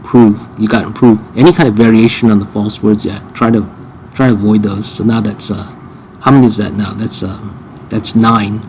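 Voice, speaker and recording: Halting, sarcastic low-voiced man. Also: steady tone, a little mellow, a little hiss or hum. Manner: halting, repeats himself, dry sarcasm. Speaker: user questioning an AI assistant. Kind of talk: casual chat.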